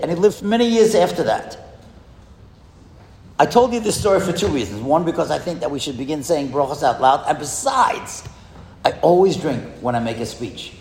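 A man's voice: on the high side, a little hiss or hum. Storytelling man in an echoey hall. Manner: lively storyteller who asks the audience questions. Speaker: speaker addressing a school audience. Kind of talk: storytelling speech. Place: hall in a school. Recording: echoey hall with long reverb.

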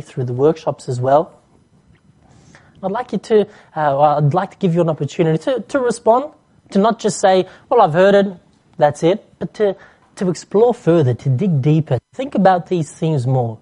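Mellow-voiced preacher. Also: male voice, fairly high pitch. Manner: earnest, warm pastoral appeal with dramatized dialogue. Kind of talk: sermon.

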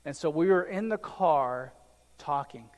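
A man's voice: on the high side, animated, a little slow. A middle-aged male pastor preaching a conversational sermon with joking asides to the congregation. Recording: long reverb of a large hall.

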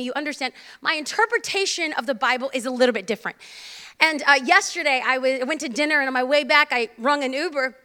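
A woman preaching a sermon as a guest speaker, animated and joking as she tells stories. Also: high-pitched.

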